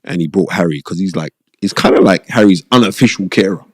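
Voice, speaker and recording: A middle-aged man, a podcast host, telling stories from his boxing past in an animated, emphatic way, repeating phrases and often asking "you know what I mean". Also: low voice, fast talker, dry recording. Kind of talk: conversational storytelling.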